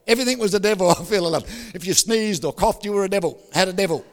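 An older man preaches in a high voice, joking and telling stories, and now and then he bursts out loudly. His voice carries a long reverb from a big hall. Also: quick pace, hardly any pauses. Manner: jokey, storytelling, with sudden loud outbursts. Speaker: pastor. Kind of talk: sermon.

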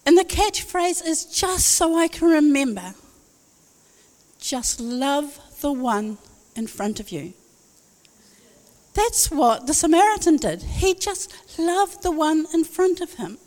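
A woman's voice: high-pitched, expressive, slow, darkish tone. A woman preaching a sermon, telling stories in a conversational way with wry asides. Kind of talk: sermon with storytelling. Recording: long hall reverb.

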